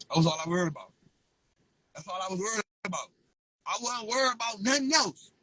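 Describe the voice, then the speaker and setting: A man's voice: sits high, expressive, quick pace, pauses often, sharp tone, husky, low-quality recording. A man, giving fervent, repetitive motivational preaching to his viewers. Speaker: vlogger.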